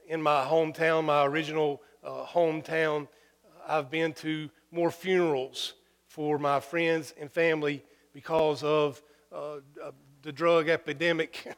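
Folksy preacher in an echoing hall. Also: male voice, a little high. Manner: folksy, halting with fillers, humorous. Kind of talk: sermon storytelling. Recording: long hall reverb.

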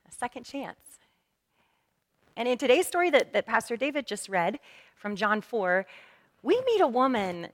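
A woman pastor preaching a sermon in a lively, conversational storytelling manner. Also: on the high side. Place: church sanctuary. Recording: long reverb of a church hall.

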